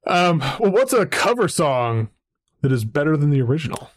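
A man's voice: fairly high pitch, big pitch swings, dry recording. Chatty rambling male podcast host. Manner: rambling, chatty, quick to laugh. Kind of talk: casual podcast chat.

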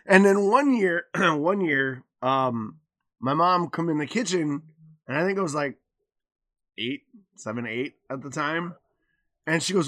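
Animated, high-pitched storytelling man. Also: normal speed. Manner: animated, mouthy, acts out quotes with loud swings. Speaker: podcast co-host. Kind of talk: casual storytelling chat.

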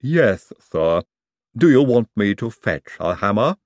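A man voicing a calm, polite male servant who answers in a measured, deferential way. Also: fairly low pitch, dry recording, clean studio sound.

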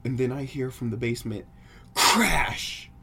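A man of middle pitch telling a spooky tale on a casual podcast, swinging between loud excited bursts and near-whispers. He acts out creaking sounds as he goes. A faint hiss sits under the recording. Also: normal speed. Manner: animated, acts out creaks and drops to hushed tones. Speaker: podcast co-host. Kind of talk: casual storytelling chat.

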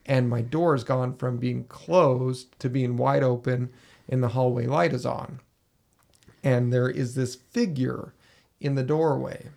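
A man, a podcast host, telling a story in a casual, animated way and acting out his own reactions with swearing. He is recording in a basement room. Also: mid-range voice, measured pace, vocal fry.

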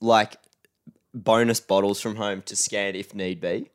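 A man who tends bar chats on a casual podcast, trading easy jokes. His voice is fairly low and sounds close and dry. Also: little pitch movement, measured pace, clear, resonant tone, no echo. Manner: joking, easygoing banter. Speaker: bartender and podcast co-host. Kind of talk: casual chat.

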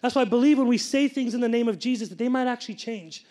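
A young man preaching as a pastor, telling a personal story with lively asides to the congregation. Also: very high-pitched, fast talker. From grew up Sikh, family from India.

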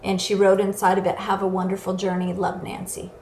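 A woman's voice: mid-range voice, monotone, fairly quick, darkish tone, slight background noise. A woman giving an earnest, emotional personal testimony as a recovery speaker. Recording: echoey room with faint ambience.

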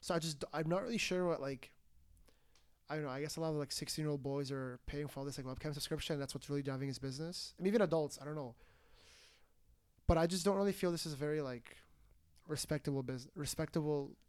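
A young podcast host chats casually in loose bursts, full of fillers and nervous laughs. His voice is fairly high-pitched and fast, with a darkish, clear, resonant tone.

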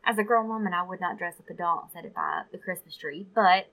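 A woman's voice: lowish voice, fast talker, a bit bright, rough recording. A woman co-hosting a podcast, retelling a story from her research in casual chat with asides. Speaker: podcast co-host.

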